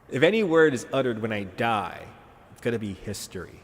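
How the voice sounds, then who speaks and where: A man's voice: medium pitch, a little fast. A man in his thirties from the United States, hosting a live stream in casual, rambling chat, sarcastic and swearing, with frequent chuckles. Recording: roomy reverb with steady noise.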